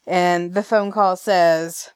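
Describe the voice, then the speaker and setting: A woman's voice: fairly low pitch, steady tone, slow, clear, resonant tone, dry recording, clean studio sound. A woman from Alabama with a Southern accent, chatting casually as a podcast host and acting out quoted lines with laughs. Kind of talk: casual recap chat.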